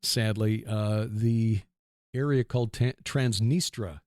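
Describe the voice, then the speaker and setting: Male co-host, low voice, measured and halting delivery with fillers, dry studio sound. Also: steady tone, darkish tone, no room sound. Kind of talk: casual political chat.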